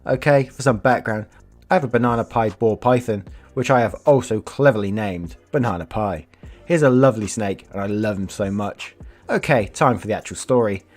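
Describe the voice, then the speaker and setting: A man's voice: fairly low pitch, moderate pace, soft background music. A man reading online stories aloud as a YouTuber, casual, swearing, breaking off to react and comment. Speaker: storytelling YouTuber.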